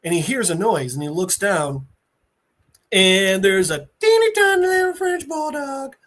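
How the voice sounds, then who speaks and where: A man on a podcast telling an episode scene by scene, his pitch swinging up and down as he slips into voices for each character. He talks casually, swears freely and breaks into laughter. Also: measured pace. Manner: animated storytelling with put-on character voices. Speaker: podcast host.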